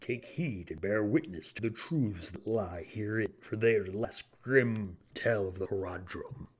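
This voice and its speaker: A man doing a husky grim old chronicler. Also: fairly low pitch, pitched below the performer's own voice. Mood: ominous. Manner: solemn, measured storytelling. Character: grim old male chronicler reading a victim's note.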